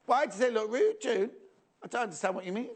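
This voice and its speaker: A man's voice: very high voice, animated, fast, a little hiss or hum. A man presenting a live shopping show in a playful, jokey, chatty way, reading out viewer messages.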